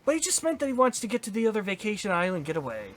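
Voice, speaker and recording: A man voicing a scheming, smooth-talking male narrator of a resort island, sly and persuasive. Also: sits high, huge pitch swings, racing.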